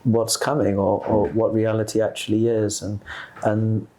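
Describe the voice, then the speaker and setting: A man as a podcast guest, earnestly explaining ideas about the soul, pausing and restarting as he thinks. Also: on the low side, little pitch movement, warm tone. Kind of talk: spiritual discussion.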